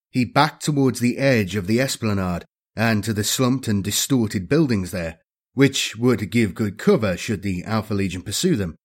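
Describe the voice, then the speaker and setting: A man giving a measured, dramatic scripted audiobook narration. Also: mid-range voice.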